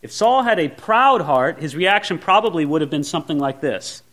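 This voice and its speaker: Animated male preacher, lively high voice. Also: moderate pace. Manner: animated, acts out biblical characters' lines. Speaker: pastor. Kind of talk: sermon.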